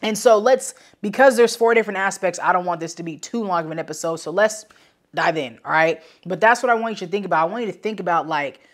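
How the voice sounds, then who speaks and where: A woman's voice: fairly low pitch, quick pace. A woman hosting a motivational podcast alone, speaking emphatically in casual slang and repeating key phrases for emphasis. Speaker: podcast host. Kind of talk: motivational solo podcast talk.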